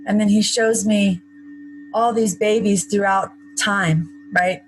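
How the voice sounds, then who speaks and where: A woman's voice: medium pitch, fairly even intonation, takes it slowly, faint music behind, poor audio. A woman being interviewed, recounting a personal story in a chatty, matter-of-fact way with wry asides. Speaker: interview guest.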